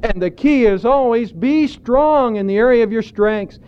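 A man preaching a sermon in a deliberate way, drawing out emphatic words. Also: very high voice, clean tone, dull audio. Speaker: pastor.

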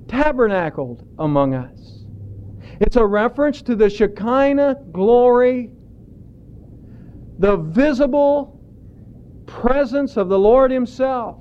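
Slow, high-voiced preaching man. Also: animated, clear, resonant tone, muffled recording. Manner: deliberate preaching with stretched emphatic words. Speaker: pastor. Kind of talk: sermon.

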